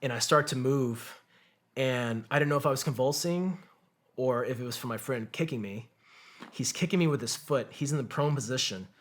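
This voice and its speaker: Guy on a podcast telling a war story, swears a lot, mid pitched voice, acts out what his buddies said. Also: moderate pace. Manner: profane, vivid war storytelling; acts out quotes of others. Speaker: podcast guest, combat veteran. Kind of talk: storytelling in conversation.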